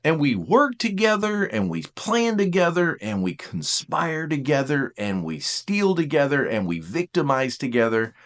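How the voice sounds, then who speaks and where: A man's voice: a little high, moderate pace, few pauses. A man teaching about personality types in a casual, self-deprecating way, acting out bits of conversation. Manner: animated, self-deprecating, acts out quotes. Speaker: Enneagram teacher.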